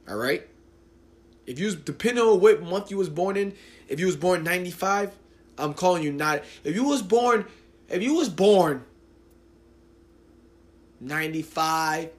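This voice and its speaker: A New Jersey man in his late twenties rants on his own solo podcast in a high voice with lively intonation. He talks at normal speed but pauses often, and his casual rambling is profane and full of restarts.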